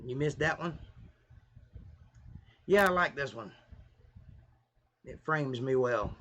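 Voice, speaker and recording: A man's voice: mid-range voice, lively intonation, slow pace, pauses often, fairly bright tone, slight background noise. A man with a Southern US accent, chatting and joking with viewers on a live stream. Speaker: musician hosting a live stream. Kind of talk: casual live-stream chat.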